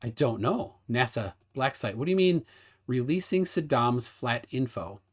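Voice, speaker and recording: A man with an expressive mid-range voice hosts a livestream debate in a casual chat format. He reads viewer comments aloud and questions his guest in a bantering, teasing way, laughing quickly.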